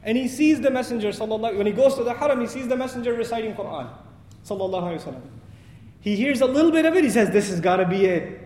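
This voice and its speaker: A man preaching a sermon in a mosque, telling a story with lively acted dialogue and chuckling at his own lines. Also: extremely high pitch, very fast. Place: mosque prayer hall. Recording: echoey hall with faint noise.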